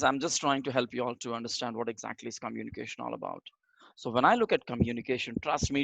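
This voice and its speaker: A man teaching a live online communication class in an energetic, motivational way, talking straight to his audience and repeating phrases for emphasis. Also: medium pitch, creaky, dry recording. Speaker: communication trainer.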